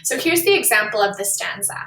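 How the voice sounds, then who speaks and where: In a classroom lesson on poetry with read-aloud examples, a woman explains terms in an upbeat, explanatory way and calls things really cool. Her mid-range voice is expressive, brisk, and sharp in tone. The recording has an echoey room, slight background noise, and a distant mic with her voice a bit off-mic.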